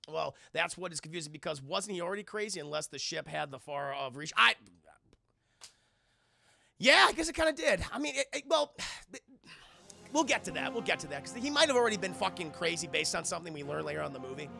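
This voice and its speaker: A man's voice: fairly high pitch, animated, fast talker, creaky, bright, forceful tone, faint music behind. A man streaming a rambling, profane film recap, laughing and acting out scenes as he talks to chat. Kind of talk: casual livestream chat.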